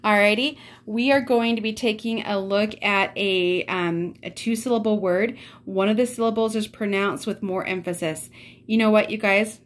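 A middle-aged woman teaching a fourth grade reading lesson remotely, friendly and chatty, calling her students guys, with upbeat bursts of excitement. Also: medium pitch, moderate pace.

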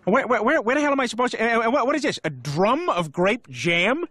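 An actor voicing a loud, dim-witted middle-aged cartoon dad with a nasal, blustering delivery. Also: male voice, very high-pitched, very animated, a little fast, dry recording, clean studio sound, heavily acted. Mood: incredulous. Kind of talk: animated sitcom dialogue.

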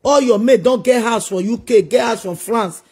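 A man's voice: very high-pitched, moderate pace, darkish tone, breathy edge. A man with a Nigerian accent delivering a preachy, scolding monologue full of repeated rhetorical questions. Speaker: social media commentator.

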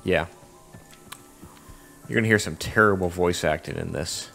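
A man's voice: deep voice, normal speed, vocal fry, pushed and bright, soft background music. A man giving casual, rambling let's-play commentary on a game. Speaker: gamer.

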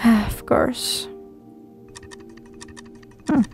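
A woman's voice: very slow, soft background music. A woman playing a game and commenting casually, swearing and talking to herself. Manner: profane, excitable, talks to herself. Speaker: gamer.

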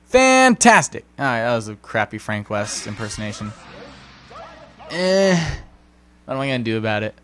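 A young man giving casual, self-deprecating gameplay commentary, breaking into sudden excited yelps. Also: lowish voice, moderate pace, long pauses, slight background noise. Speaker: let's play commentator.

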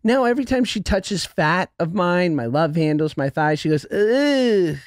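Brief: male podcast host, high lively voice, dry close mic, animated storyteller. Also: moderate pace, no echo. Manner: animated storyteller, laughs at own jokes. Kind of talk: casual comedic chat.

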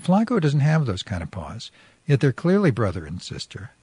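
A man's voice: mid-range voice, wildly swooping pitch, normal speed, mellow, breathy edge, no room sound. A man, a radio host, reading a first-person story chapter aloud in a dry, wry narrating voice.

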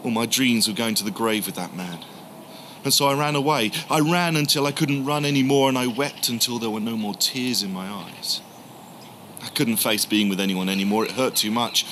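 A man telling the story in the first person as a grieving, doubting male disciple, halting and emotional, repeating words. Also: mid-range voice, fairly bright tone, a little hiss or hum, lightly acted.

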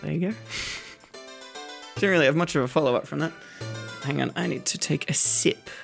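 A host giving relaxed, rambling ASMR gameplay commentary, low energy and self-mocking, with game music behind. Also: moderate pace, creaky. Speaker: gaming channel host. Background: video game music.

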